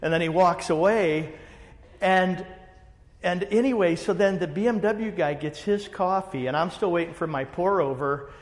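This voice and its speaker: Male pastor, casual rambling storyteller, slightly high voice, reverberant room. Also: moderate pace. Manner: animated, rambling, many fillers. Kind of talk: casual storytelling in a group chat.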